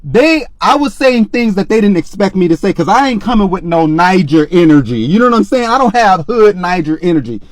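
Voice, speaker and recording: A man with a high voice tells a personal story in a loud, lively, casual way. He acts out other people's voices as he goes. The recording is close and dry. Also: fairly quick, few pauses, dry recording. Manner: loud speaking voice.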